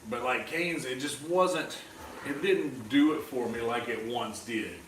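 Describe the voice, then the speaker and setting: A man's voice: mid-range voice, a little slow, fairly bright tone, recorded from a distance. Rambling, swearing man on a roomy stream. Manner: rambling, profane, opinionated. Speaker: streamer host. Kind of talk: casual chat on a cooking livestream. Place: indoor kitchen. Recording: roomy, off-mic, faint background hum.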